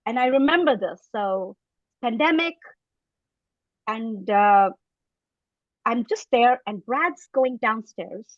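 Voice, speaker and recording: A woman's voice: a little high, animated, slow, long pauses, dry recording, muffled recording. A woman in her fifties, a podcast guest telling her story in casual conversation and acting out the voices of the people she quotes. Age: 50s.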